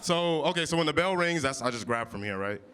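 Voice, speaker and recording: A young man from Oklahoma doing improvised stand-up on a small stage, pitched a little high. He jokes loudly and brashly, swears freely, and teases the crowd for topics. His delivery stays playful and punchy. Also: lively intonation, fairly quick, smooth. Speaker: stand-up comedian. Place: winery comedy stage before a live audience.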